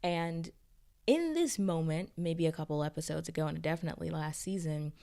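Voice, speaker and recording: Low-voiced chatty woman recapping a show. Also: moderate pace, vocal fry, dark tone. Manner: chatty, rambling, full of "like" fillers. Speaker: TV recap reviewer. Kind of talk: casual recap review.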